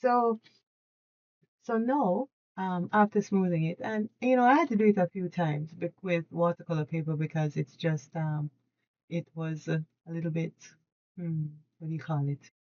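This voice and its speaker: A woman with a fairly low voice talks through a craft demonstration at her home desk, chatty and excitable. She laughs often and restarts her sentences as she works, and the recording sounds a little dull. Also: moderate pace. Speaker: craft tutorial host. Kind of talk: casual hands-on tutorial.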